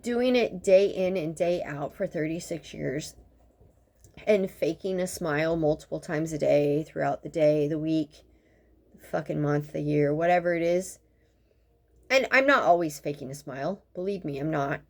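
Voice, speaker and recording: A woman in her fifties who works in dentistry vents in a blunt, profane, sarcastic monologue that rambles with exasperation. Her voice is deep and her pace moderate.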